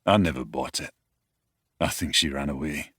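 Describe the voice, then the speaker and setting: A brooding young wolf king with a very deep, husky voice for a fantasy romance audiobook. He talks in an easygoing, teasing way. The studio sound is close and completely dry. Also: normal speed, no echo, heavily acted. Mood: wistful. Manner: easygoing, teasing, turns quiet and wistful. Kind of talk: dual-narration audiobook acting. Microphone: close studio mic, dry.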